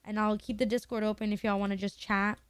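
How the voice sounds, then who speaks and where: A woman's voice: mid-range voice, little pitch movement, fast, clear, resonant tone, no room sound. A young woman streamer in her twenties chatting candidly and emotionally with her viewers, swearing casually.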